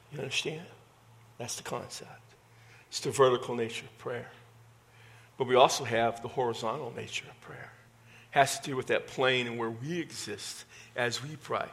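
A man's voice: mid-range voice, a bit bright. A middle-aged man with a Texas accent, a pastor preaching a conversational sermon with self-deprecating humor. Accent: Texan.

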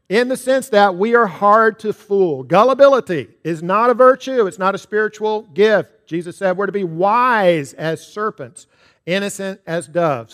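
High-voiced man preaching a sermon. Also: fairly bright tone. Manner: preaching with humor and a told joke. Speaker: pastor.

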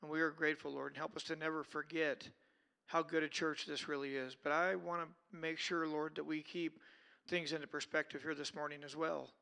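A male pastor leading a steady, earnest closing prayer at a church service. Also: a little high, a little fast, creaky, clean tone.

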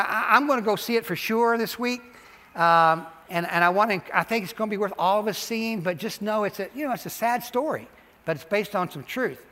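Male pastor, high bright voice, emphatic sermon delivery, reverberant church hall. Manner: animated preaching, repeats and stresses phrases. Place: church sanctuary.

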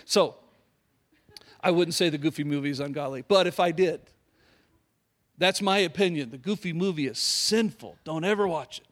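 A middle-aged pastor with a voice that sits high delivers an emphatic sermon. He repeats key phrases and poses questions to the congregation.

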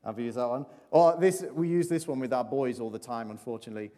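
A man's voice: mid-range voice, fast, hardly any pauses, a little mellow. A man giving a playful children's talk in a church service, chatting and asking the audience questions. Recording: long reverb of a large hall.

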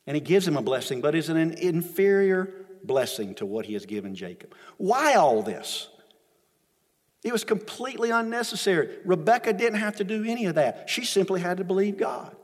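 A man's voice: high voice, big pitch swings, normal speed. A man preaching a sermon as a pastor, retelling the story with emphatic repetition, recorded in a church sanctuary with long reverb.

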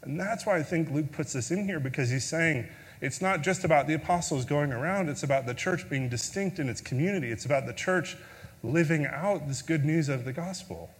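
A man's voice: a little high, a little fast, big-room sound. A man preaching a sermon as a pastor, telling a story in a conversational way with filler words, then leading a prayer.

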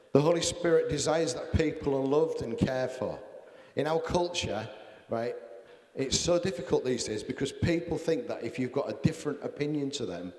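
A man's voice: mid-range voice, a little mellow, reverberant, in a large hall. A man preaching a sermon, earnest and self-deprecating, reading Bible passages aloud. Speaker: pastor.

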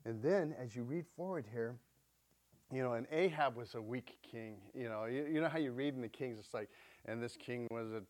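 A man's voice: mid-range voice, normal speed, a little mellow. Guy preaching casual-style, midrange voice, keeps asking the crowd stuff and retelling bible stories like a buddy would. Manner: chatty, asks the congregation questions, retells scripture. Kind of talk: conversational sermon.

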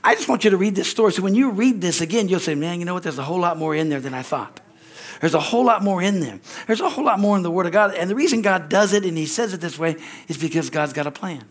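Higher-voiced male pastor preaching. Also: lively intonation, fast talker. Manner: reads scripture with rising emphasis, then chats loosely with asides. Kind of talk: sermon. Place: church service.

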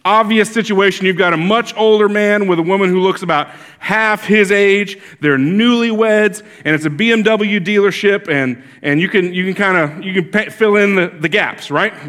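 A man with a high voice delivers a sermon from the pulpit. He talks conversationally, tells stories with asides, and often restarts his sentences. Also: a bit bright. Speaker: pastor.

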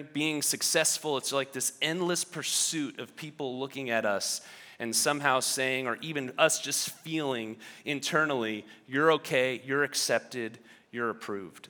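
A man delivers a sermon as pastor, and his storytelling is loose and chatty, full of restarts and little asides. His voice is bright and forward. It rings out with the long reverb of a large hall. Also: medium pitch.

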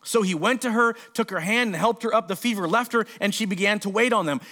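A man with a notably high voice preaches a sermon as pastor. He reads scripture passages, then breaks into loose, conversational asides, acting out lines in quick put-on voices. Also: bright, forceful tone.

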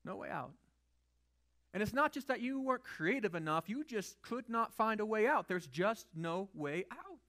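A man's voice: high voice, animated, moderate pace, pushed and bright. A male pastor preaching a sermon in a conversational way, often asking the audience rhetorical questions.

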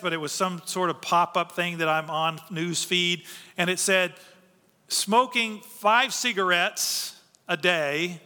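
Pastor type, man, high and very bright voice, earnest conversational preaching, hall reverb. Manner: conversational, earnest, with filler restarts. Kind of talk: sermon.

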